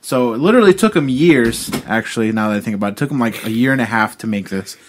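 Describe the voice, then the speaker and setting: A man's voice: medium pitch, animated, fast talker, a little hiss or hum. A man co-hosting a casual podcast, telling stories in a rambling way with lots of fillers and swearing. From Illinois. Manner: rambling storyteller, swears often, many fillers. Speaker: podcast co-host. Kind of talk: casual chat.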